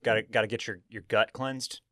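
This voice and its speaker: A man's voice: on the low side, steady tone, fairly quick, pushed and bright, no echo, clean studio sound. Rambling man hosting a podcast. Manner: rambling, self-correcting, many restarts. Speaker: podcast host. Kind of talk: casual chat. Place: podcast studio.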